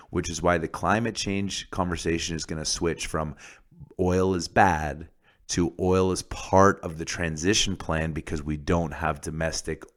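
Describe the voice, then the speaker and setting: Deep-voiced male podcast host, blunt, profane, rambling. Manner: blunt, profane, fast-talking with many "like"s and restarts. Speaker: podcast host, oil industry commentator. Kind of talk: casual podcast talk.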